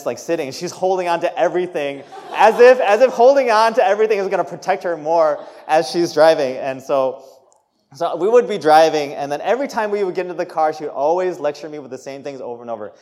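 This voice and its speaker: A young man preaching a sermon, telling a personal story with lively, acted-out quotes and laughs. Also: fairly high pitch. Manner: animated storytelling, acts out quotes, laughs between lines. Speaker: pastor.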